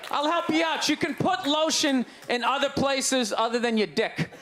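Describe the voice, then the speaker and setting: A man's voice: extremely high pitch, moderate pace, fairly bright tone. A middle-aged man with a Boston accent doing a brash, ranting stand-up set, mocking the crowd. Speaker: stand-up comedian. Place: comedy stage before a live audience. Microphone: handheld stage mic. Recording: live club recording with crowd noise.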